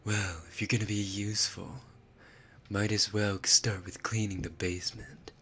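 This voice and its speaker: A man's voice: fairly low pitch, little pitch movement, moderate pace, pushed and bright, breathy edge, faint music behind, exaggerated voice. A man whispering as a curt, weary soldier captain, Levi. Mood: stern, dismissive. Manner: whispered, clipped and commanding. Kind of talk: whispered role-play.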